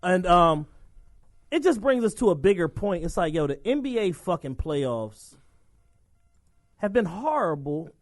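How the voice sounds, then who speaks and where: A young man banters on a podcast with laid-back jokes and side comments. His voice sits high for a man, and the recording is dry and close with no room sound. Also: very animated, unhurried, long pauses, dry recording. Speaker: podcast co-host. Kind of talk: casual chat.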